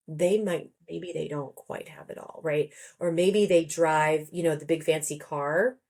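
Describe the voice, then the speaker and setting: A woman's voice: low-pitched, fairly even intonation, measured pace, hardly any pauses, a little mellow. A woman in her forties, a therapist and author, talking in a casual podcast interview and telling her story in a chatty way, acting out the people she quotes.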